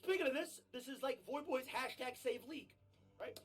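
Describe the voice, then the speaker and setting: A man streaming a game, ranting brashly and with a lot of swearing, his voice husky and often breaking into shouts. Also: extremely high pitch, quick pace, soft background music. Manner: brash, profane, swings into shouting rants. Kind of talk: ranting gaming stream talk.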